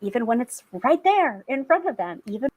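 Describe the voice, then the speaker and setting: A woman's voice: fairly high pitch, big pitch swings, a little fast, low-quality recording. A young woman hosting a tarot live stream, talking in a chatty, casual way with frequent laughs and fillers. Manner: chatty, laughs often, many fillers and restarts.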